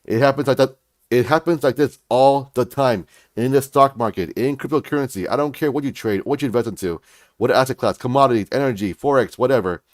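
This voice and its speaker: Male livestream host, hyped and repetitive, mid-pitched, dry close sound. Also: fairly quick, darkish tone, no room sound. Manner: pumped, repetitive, keeps saying "folks, all right?". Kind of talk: hyped market commentary livestream.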